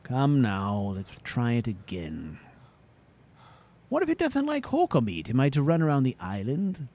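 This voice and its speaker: A man's voice: medium pitch, wildly swooping pitch, measured pace, dark tone, heavily acted. A man voicing a fussy, bookish male adventurer who talks in prim, formal phrases and grumbles aside during gameplay. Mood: exasperated. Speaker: gameplay narrator voicing his character. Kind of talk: in-character gameplay commentary.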